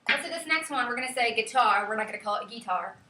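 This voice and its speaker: Brief: high, bright woman teacher, sing-song classroom delivery, far-off echoey room. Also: racing. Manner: lively, sing-song calling out of words. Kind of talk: classroom lesson.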